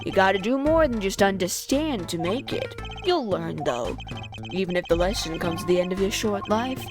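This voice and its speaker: Woman voicing a menacing old mob boss, put-on New York accent, mid-pitched, game music underneath. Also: lively intonation, moderate pace, close to an everyday voice. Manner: threatening, says capiche.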